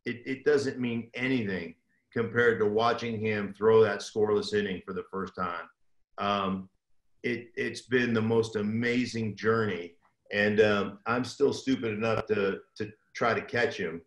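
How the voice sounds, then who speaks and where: A man's voice: on the low side, fairly even intonation, a little slow. An older man, a former pro football player, telling a rambling, self-deprecating story as a guest. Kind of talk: casual storytelling. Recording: roomy echo.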